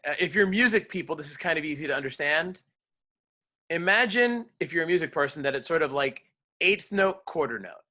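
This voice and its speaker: A man teaching a class on verse, lively, explaining and quizzing his students. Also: fairly high pitch, a little fast. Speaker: drama teacher. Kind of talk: classroom lecture.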